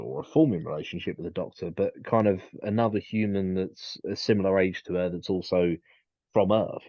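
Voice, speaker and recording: A man's voice: deep voice, no room sound, lo-fi sound. A man co-hosting a casual chat, rambling and repeating his words as he talks things through. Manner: rambling, repeats words, quotes in put-on asides. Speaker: podcast co-host.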